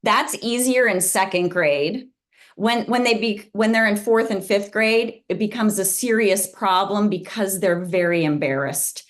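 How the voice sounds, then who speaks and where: A woman's voice: mid-range voice, measured pace. A woman guest speaker, a psychology professor, giving an informal lunch talk over a video call, telling stories animatedly and restarting her sentences often. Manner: animated storytelling, many restarts.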